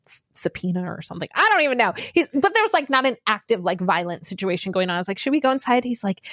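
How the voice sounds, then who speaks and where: A woman in her forties co-hosting a podcast, telling an animated story with frequent laughter in casual chat. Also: mid-range voice, quick pace, no room sound, clean studio sound. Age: 40s. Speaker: podcast co-host.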